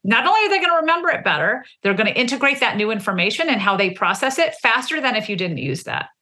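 Bright-voiced woman linguist explaining. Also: fairly high pitch, quick pace. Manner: animated, acts out example phrases. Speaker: linguist guest. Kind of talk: explanatory interview answers.

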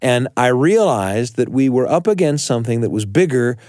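A man hosting a storytelling show, narrating a reflective personal memory in a measured way. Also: medium pitch, expressive, a little mellow, no echo, clean studio sound. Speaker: podcast host. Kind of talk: scripted narration.

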